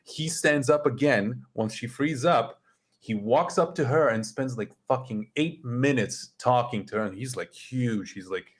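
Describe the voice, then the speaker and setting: A man's voice: medium pitch, a little slow. A young man on a stream telling a story in a loose, casual way, swearing and sounding exasperated.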